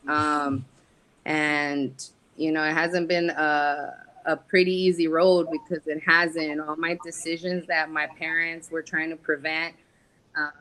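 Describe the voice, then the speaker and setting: A woman guest in an interview, telling her life story frankly with streetwise slang and halting pauses. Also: low-pitched, flat delivery, a bit bright, slight background noise, low-quality recording. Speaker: guest, casting company founder. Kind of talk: candid personal storytelling in interview.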